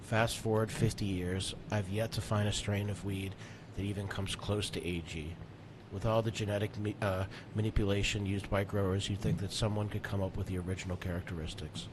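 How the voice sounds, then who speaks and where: A man co-hosting a casual late-night show, talking in a relaxed way and agreeing often. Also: lowish voice, noisy background. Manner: relaxed, agrees often with quick yeahs and rights. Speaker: co-host.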